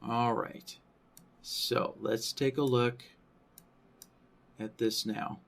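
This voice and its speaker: A man teaching trading software in a screen-recorded tutorial, thinking aloud with many fillers and a habitual "right?" after his points. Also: mid-range voice, fairly even intonation, drawn-out words, creaky. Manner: thinking aloud, frequent tag question "right?"; many fillers like "you know" and "um".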